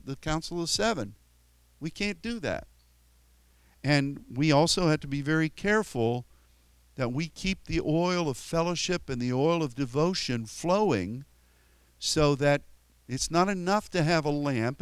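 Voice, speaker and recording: A man's voice: clear, resonant tone, no echo. A man preaching a sermon in an earnest, rambling way with many restarts, sometimes rising sharply for emphasis. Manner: rises sharply in pitch and volume for emphatic quotes.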